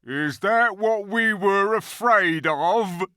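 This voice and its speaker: A man reading an audiobook, voicing a cruel mob of hags and beasts with high, mocking, taunting cries. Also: takes it slowly, bright, forceful tone, smooth, no room sound, clean studio sound, full character voice. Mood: jeering. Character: jeering mob of hags, dwarfs and apes. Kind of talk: audiobook character voice.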